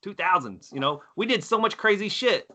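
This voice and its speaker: A man in his thirties from Texas, telling stories on a podcast, profane and animated as he acts out quotes. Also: high-pitched, moderate pace. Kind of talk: casual storytelling chat.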